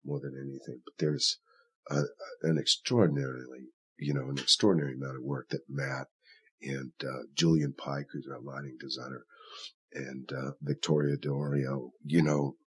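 A man with a very deep, husky voice talks over his stage work in an interview. He is thoughtful and rambling, with plenty of fillers and restarts. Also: steady tone, moderate pace. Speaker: actor in the play. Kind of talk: conversational interview.

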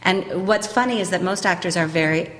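A woman's voice: on the low side, a little fast, in a large hall. A woman dialect coach explaining how she teaches an accent to actors, demonstrating the vowel sounds as she goes.

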